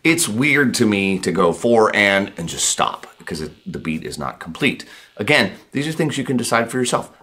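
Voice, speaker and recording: A man teaching a blues guitar lesson, speaking in a relaxed, reassuring way, repeating points for emphasis and counting beats out loud while he plays. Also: lowish voice, moderate pace. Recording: guitar playing behind the voice.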